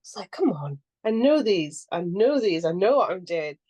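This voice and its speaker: Lively, lower-voiced woman telling stories. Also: normal speed. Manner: animated storyteller who acts out quotes and laughs often. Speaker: actor and podcast co-host. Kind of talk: casual podcast chat.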